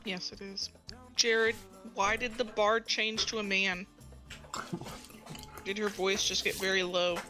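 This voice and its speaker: A woman's voice: mid-range voice, little pitch movement, slow pace, long pauses. A woman chatting casually while playing an online tabletop game, teasing the others. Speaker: player. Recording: voice over call with game music.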